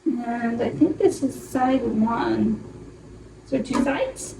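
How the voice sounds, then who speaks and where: A woman's voice: fairly high pitch, lively intonation, takes it slowly, creaky, noisy background. A young woman chatting casually in her vlog, often slipping into fond baby talk with her dog. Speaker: vlogger. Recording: roomy echo, mic at a distance.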